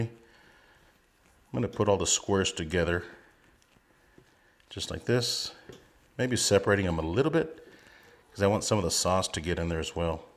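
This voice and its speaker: A middle-aged man hosting a casual barbecue cooking video, chatting relaxed while he handles and tastes the food. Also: low-pitched. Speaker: barbecue channel host.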